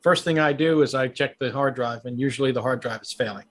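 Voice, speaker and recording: A man's voice: mid-range voice, fast talker. A man co-hosting a casual live tech stream, explaining repairs in plain practical terms. He speaks hesitantly and often restarts his sentences.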